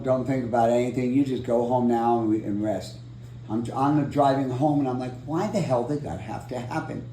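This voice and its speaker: A man telling a long personal story in an oral history interview, acting out the quotes with lively energy. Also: medium pitch, reverberant, slight background noise, rough recording. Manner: animated storyteller, acts out quotes. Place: room in San Diego.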